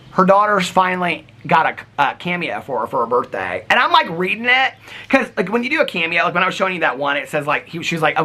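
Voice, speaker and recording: A man chatting casually in a daily vlog, rambling and animated with lots of filler words. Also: a little high. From United States. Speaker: vlogger.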